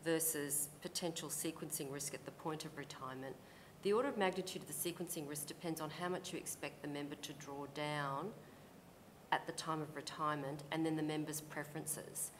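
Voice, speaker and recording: A woman's voice: sits low, fairly even intonation, fairly quick, a little hiss or hum. An Australian woman questioning a witness at a public hearing as commissioner, probing and skeptical, interrupting to press her points.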